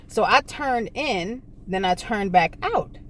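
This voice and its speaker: A woman's voice: medium pitch, lively intonation, slow pace, a bit bright. A woman telling a casual storytime to her viewers, rambling and correcting herself as she goes. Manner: rambling, self-correcting, talks to viewers directly. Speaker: vlogger.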